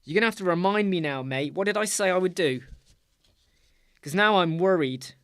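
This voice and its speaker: A man's voice: sits high, animated, normal speed, a bit bright, smooth, no room sound. A middle-aged man with a British accent hosting a casual live chat, talking to viewers by name in a chatty, teasing way. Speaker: livestream host.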